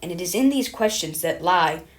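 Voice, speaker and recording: A woman's voice: lowish voice, animated, normal speed. Self-mocking woman reading a video essay. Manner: self-mocking, rambling, stumbles over words. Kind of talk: scripted commentary voice-over.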